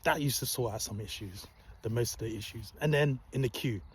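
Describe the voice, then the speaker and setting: A man telling a personal story in a casual, soft and humble tone, calm and unhurried. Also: mid-range voice, slight background noise. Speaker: vlogger recounting a work story.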